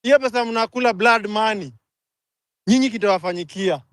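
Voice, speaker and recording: A young Kenyan man ranting angrily in a live audio chat, switching fast between languages. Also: sits high, no echo. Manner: angry, rapid code-switching rant. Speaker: speaker in a live audio room.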